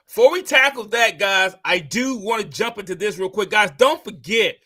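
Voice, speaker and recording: A man's voice: high voice, moderate pace, sharp tone. A man hosting a podcast, talking energetically and addressing listeners as "guys". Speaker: podcast host.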